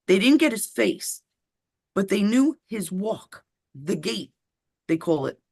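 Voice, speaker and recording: A woman's voice: mid-range voice, big pitch swings, slow, a little mellow, husky, dry recording, studio quality. A woman co-hosting a casual political talk show, blunt and rambling, swearing often. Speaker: podcast co-host.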